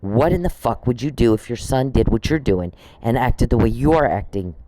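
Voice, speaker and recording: A man's voice: mid-range voice, lively intonation, moderate pace, dark tone, low-quality recording. A man on a podcast, delivering an angry, profane monologue aimed straight at one person he scolds. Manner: indignant, profane, scolding someone directly.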